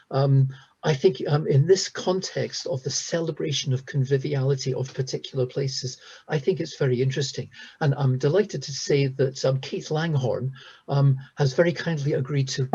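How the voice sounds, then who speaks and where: Hesitant man lecturing, husky and dull. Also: medium pitch, warm tone. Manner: hesitant, many ums and restarts. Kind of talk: recorded lecture with slides. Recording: dull lo-fi sound.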